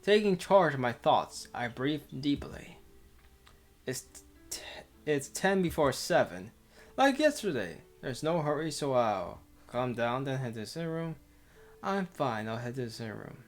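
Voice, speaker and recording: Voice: medium pitch, big pitch swings, unhurried, faint music behind. Give me a casual, giggly streamer reading a visual novel aloud and tripping over words. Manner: casual and giggly, stumbles and restarts while reading. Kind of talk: casual visual novel read-through with commentary.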